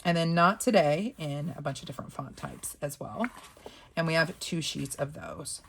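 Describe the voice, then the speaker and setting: Sassy chatty woman, lowish voice. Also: normal speed, a little hiss or hum. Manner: reads sticker quotes aloud with playful sass, laughs often. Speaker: planner and sticker channel host. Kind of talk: casual sticker book flip-through.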